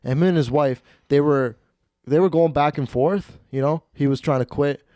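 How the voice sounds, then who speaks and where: Podcast guy telling a story, swears a lot, kinda high voice, close dry mic. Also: normal speed, dry recording. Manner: rambling, profane, animated. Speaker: podcast host. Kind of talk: comedic storytelling.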